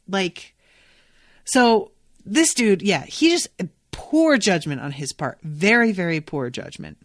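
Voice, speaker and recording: A woman's voice: mid-range voice, sing-song, slow, no room sound, clean studio sound. A woman hosting a podcast, chatting casually and candidly through a recap, swearing freely and reacting with feeling. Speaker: podcast host.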